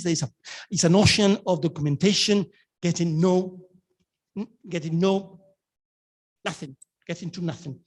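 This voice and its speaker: Middle-aged Spanish-accented man lecturing, husky voice, acts out both sides of the talks. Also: sits high. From Spain. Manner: animated storytelling with quoted dialogue. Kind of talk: academic lecture.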